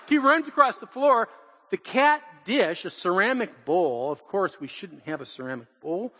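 Animated older pastor, high voice, reverb. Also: male voice, normal speed, husky. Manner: animated, acts out quotes, laughs often. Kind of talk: storytelling sermon. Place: church in Portland.

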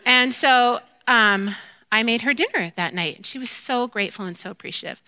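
A woman giving a candid, self-deprecating personal faith testimony, telling her story in an animated way and acting out her own quoted lines. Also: fairly high pitch, normal speed, dry recording. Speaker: mother sharing a faith testimony.

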